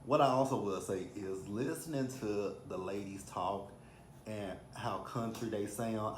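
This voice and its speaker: A man's voice: on the low side, unhurried, slight background noise. Chatty Texan man recapping reality TV. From Texas. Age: 30s. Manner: chatty, animated, acts out quotes. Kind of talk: casual recap commentary. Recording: roomy echo, faint ambience.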